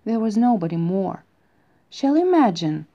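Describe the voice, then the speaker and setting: A woman's voice: medium pitch, big pitch swings, moderate pace, warm tone, highs cut off. Woman voicing a wistful little hare boy. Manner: wistful, dreamy storytelling. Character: lonely, tender young male hare. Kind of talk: storybook reading.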